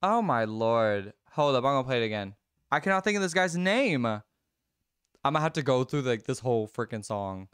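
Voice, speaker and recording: Smooth-voiced young man chatting on stream. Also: medium pitch, sing-song, moderate pace, fairly bright tone, no echo, clean studio sound. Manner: chatty, laughs often, answers chat members by name. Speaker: livestreamer and singer. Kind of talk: casual livestream chat while playing a music quiz.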